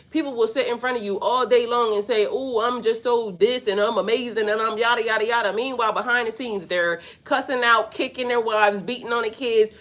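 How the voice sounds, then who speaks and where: A woman talks through spiritual ideas in a casual, rambling way, her voice sitting at an ordinary middle pitch. She keeps throwing rhetorical questions at her listeners and drops into slangy asides. Her delivery sounds unscripted and chatty. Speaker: spiritual vlogger.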